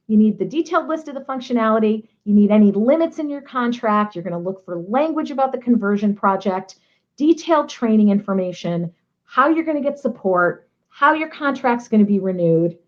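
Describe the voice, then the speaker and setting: A woman's voice: a little high, highs cut off. A woman, a nonprofit technology consultant giving casual, chatty advice with playful asides. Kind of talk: casual advice talk to camera.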